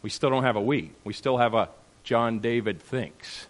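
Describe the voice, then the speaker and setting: A man's voice: mid-range voice, moderate pace. A man leading a church group discussion, speaking emphatically and checking in with the group with "all right?" and "okay?". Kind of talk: animated teaching talk to a group.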